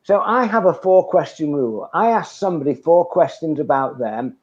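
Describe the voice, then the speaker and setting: An older man, a networking trainer appearing as a guest, gives networking advice in a conversational interview, speaking emphatically and telling anecdotes. His voice is fairly high, animated and darkish at a moderate pace. The recording has a dull lo-fi sound.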